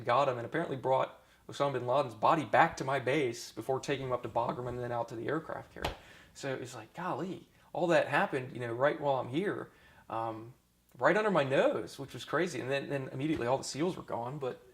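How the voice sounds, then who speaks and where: A man with a gravelly, creaky edge to his voice, of middle pitch for a man, recounts his deployment in a loose, conversational way. He restarts sentences often and leans on fillers as he tells the story. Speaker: former army dentist. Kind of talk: oral history interview.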